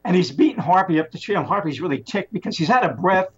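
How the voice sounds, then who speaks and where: A man with a fairly high, husky voice tells a long tale in loose, conversational fashion, stumbling and restarting as he goes. The recording is dull and lo-fi. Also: fast. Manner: rambling, animated retelling with many restarts. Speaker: storyteller. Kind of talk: casual spoken storytelling. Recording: muffled lo-fi recording.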